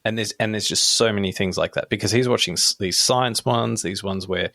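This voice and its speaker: Rambling low-voiced male podcast co-host. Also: fairly quick, creaky, sharp tone, no room sound, clean studio sound. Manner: rambling, many restarts and tag questions. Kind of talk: casual chat.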